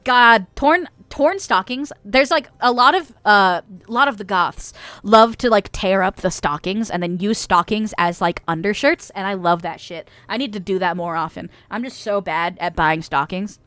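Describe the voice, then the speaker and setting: A woman's voice: medium pitch, normal speed, fairly bright tone, dry recording. A woman from the US West Coast hosting a casual livestream, reading viewer comments aloud with frequent giggles. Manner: giggly, laughs often between lines. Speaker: livestream host.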